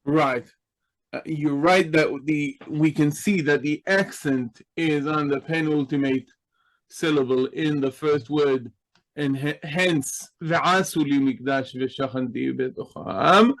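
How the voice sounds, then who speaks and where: A man's voice: on the high side, steady tone, slow pace, poor audio. A man teaching a Hebrew grammar class, explaining patiently and checking in with his students.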